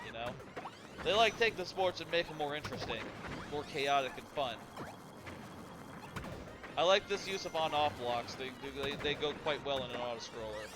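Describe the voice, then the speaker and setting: A man streaming a game, rambling casually with lots of fillers while he plays and answers chat. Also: fairly high pitch. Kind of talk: casual live-stream commentary while gaming.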